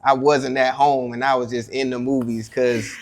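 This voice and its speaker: A man's voice: medium pitch, level tone, normal speed. A man interviewing a guest in a laid-back, slangy way, saying "like" a lot. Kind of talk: casual interview.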